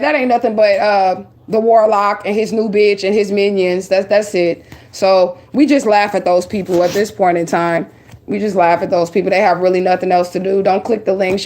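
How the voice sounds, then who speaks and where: A young woman hosting a livestream as a spiritual reader, telling stories in a blunt, profane, animated way. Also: medium pitch. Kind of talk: casual livestream storytelling.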